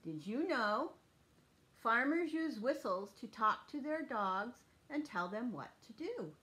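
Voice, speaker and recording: A woman preschool teacher reading a picture book aloud to children in a clear, sing-song teaching voice. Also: on the high side, very animated, takes it slowly, sharp tone.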